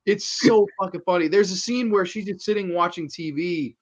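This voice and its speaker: A man's voice: sits high, normal speed, dull audio. A man hosting a casual horror movie review chat, enthusiastic and laughing as he retells scenes, swearing freely. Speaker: horror movie podcast host.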